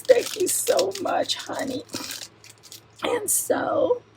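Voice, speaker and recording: Middle-aged woman vlogger, breathy half-whisper, high lively pitch, unhurried, giggly. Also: a little hiss or hum, poor audio. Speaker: crafting vlogger. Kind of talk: casual unboxing chat.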